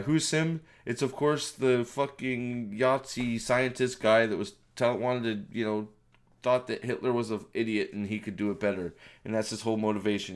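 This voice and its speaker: A man giving a profane, exasperated movie review at home, ranting with many restarts and repeated words. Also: medium pitch.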